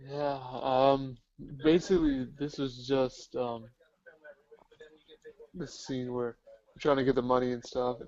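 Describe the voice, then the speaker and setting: A man co-hosting a casual movie chat, weighing his opinions in a measured, hedging way. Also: medium pitch, little pitch movement, darkish tone, dry recording, dull audio. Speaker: co-host, film reviewer.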